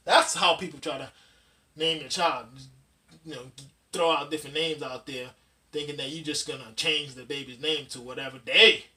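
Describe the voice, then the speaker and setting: A man's voice: fairly high pitch, sharp tone. A man in his thirties hosting a casual dad-advice vlog, rambling through a countdown list with plenty of fillers and restarts. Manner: rambling, chatty, with frequent fillers and loose restarts. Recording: voice somewhat distant from the mic.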